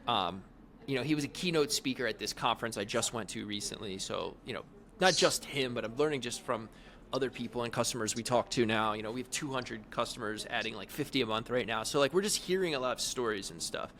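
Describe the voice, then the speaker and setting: A man's voice: mid-range voice, fast, fairly bright tone, a little hiss or hum. A middle-aged man hosting a podcast interview, talking casually and rambling with lots of fillers and restarts. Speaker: podcast host.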